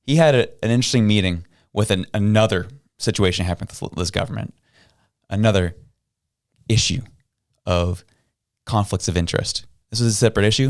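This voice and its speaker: A man's voice: low voice, fairly even intonation, fast, vocal fry, no echo, clean studio sound. A male podcast host, giving heated, emphatic political opinions.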